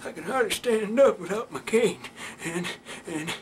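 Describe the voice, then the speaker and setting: A man voicing a rickety old man puppet with a shaky, gruff voice. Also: high-pitched, moderate pace, slight background noise, lightly acted. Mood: weary.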